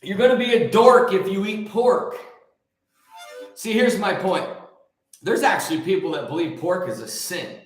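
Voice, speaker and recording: A man hosting a show and preaching casually, joking and rambling with lively energy. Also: high-pitched, moderate pace, long pauses, faint music behind. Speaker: host and preacher. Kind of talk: casual live preaching talk. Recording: very echoey room.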